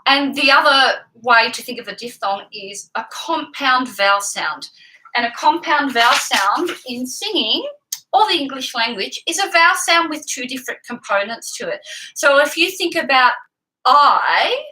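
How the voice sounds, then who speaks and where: Bright-voiced woman singing teacher. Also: high-pitched, expressive, moderate pace, rough recording. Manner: explains clearly and patiently, with sung examples. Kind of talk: vocal lesson with sung demonstrations.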